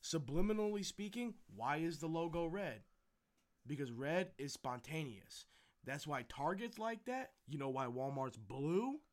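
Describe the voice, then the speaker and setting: Young dude rambling on a podcast, kinda high voice, swears a lot. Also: male voice, expressive, measured pace. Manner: rambling, profane, laid-back. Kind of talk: casual chat.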